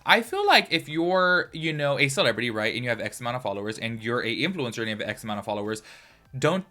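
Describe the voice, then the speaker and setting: This time the YouTuber sounds very animated, fast, bright and forceful, his voice still mid-range. He rambles to camera in a chatty commentary style, leaning on fillers such as "like" and "do you know what I mean."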